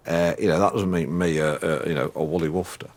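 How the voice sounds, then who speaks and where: A man's voice: low voice, fairly even intonation, fairly quick, darkish tone. An actor playing a blustering middle-aged Englishman in anger therapy, rambling and hesitant with crude asides. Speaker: anger management group member. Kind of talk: sitcom acting.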